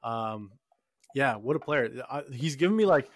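A man co-hosting a casual sports betting chat, brisk and leading, setting up each matchup in turn. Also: medium pitch, lively intonation, no echo, clean studio sound. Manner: brisk, leads the talk, sets up each matchup. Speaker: co-host.

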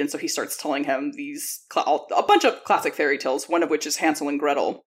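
A woman's voice: low voice, fairly quick, few pauses. A woman co-hosting a podcast in a casual, chatty way, telling stories and laughing often; English is her second language. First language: not English. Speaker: podcast co-host. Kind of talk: casual chat.

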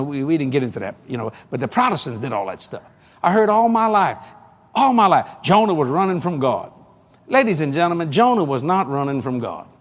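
High-voiced folksy preacher man. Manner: folksy, animated, drawling with repetitions. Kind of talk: sermon with storytelling.

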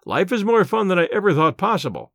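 A man's voice: sits high, very animated, quick pace, fairly bright tone, no echo, clean studio sound, full character voice. A man voicing a jovial older grandfather who talks cheerfully in exclamations.

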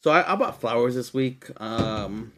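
A young man chatting on his podcast, with a pitch that swings up and down as he talks. He is loose and animated, swears a lot and calls his co-host dude and bro. He speaks into a close studio mic. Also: unhurried. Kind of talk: casual podcast chat.

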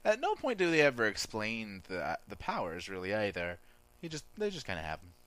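Lively man joking through a movie. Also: lowish voice, a little fast. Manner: playful, jokey, lively delivery. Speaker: movie riffing commentator. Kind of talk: comedic movie riffing.

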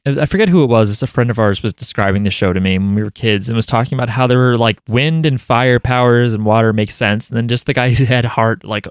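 A man's voice: medium pitch, fast talker, hardly any pauses, clear, resonant tone, no room sound, clean studio sound. Joking, rambling man recapping a show. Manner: rambling, joking, laughs often. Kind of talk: casual chat recapping a show.

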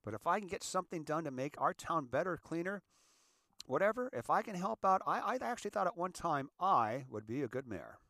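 A man's voice: on the high side, big pitch swings, fairly quick, sharp tone, no room sound, studio quality. A middle-aged man from California talking in a casual, rambling monologue, acting out little scenes as he goes. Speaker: host.

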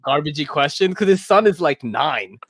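A man's voice: fairly high pitch, animated, normal speed, vocal fry, a bit bright, husky, no echo. A man hosting a live podcast in loose, casual chat, often laughing and swearing. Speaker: podcast host.

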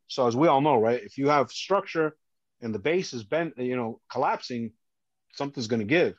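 A middle-aged man, telling a personal story as a podcast guest, earnest and animated, often acting out what others said. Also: medium pitch, moderate pace, no room sound, dull audio.

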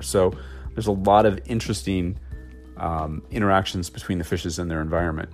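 A man giving a thoughtful, musing explanatory talk about aquarium keeping, posing rhetorical questions as he goes. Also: low voice. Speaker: aquarium hobby educator.

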